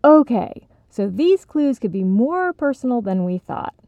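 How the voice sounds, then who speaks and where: A woman's voice: mid-range voice, animated, vocal fry, no room sound. A woman voicing an impatient, demanding young man in a storybook reading. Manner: brisk, frustrated. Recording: slightly dull, dry recording.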